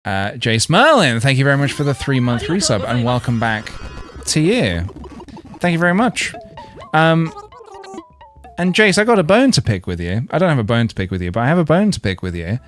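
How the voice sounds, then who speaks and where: A man's voice: medium pitch, big pitch swings, moderate pace, fairly bright tone, faint music behind. A man streaming a video game, chatting playfully and joking with his viewers. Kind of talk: casual gaming livestream chat.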